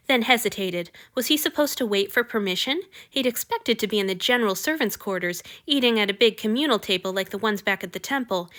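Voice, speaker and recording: A woman reads a fiction story aloud with expressive, lively narration. Her voice is bright and crisp. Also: medium pitch. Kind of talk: audiobook reading of fiction.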